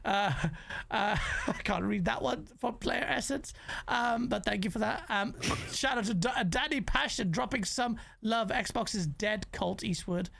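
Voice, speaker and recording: High-pitched man ranting with a gravelly edge. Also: measured pace. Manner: animated ranting, swears freely, stumbles over restarts. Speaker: gaming podcast host. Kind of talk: casual podcast chat.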